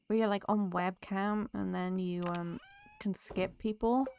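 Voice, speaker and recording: A woman streaming a game who chats casually and playfully with her viewers, bantering back at them and laughing often. Her pitch sits in an ordinary middle range, and she talks at an unhurried, drawn-out pace. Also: steady tone, gravelly, darkish tone, clear, resonant tone. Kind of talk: casual chat with live viewers while gaming.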